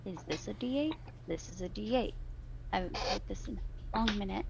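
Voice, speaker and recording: A woman's voice: mid-range voice, fairly quick, vocal fry, heavy background noise. A woman player chatting casually and thinking aloud during a tabletop game. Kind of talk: casual chat while playing a tabletop game.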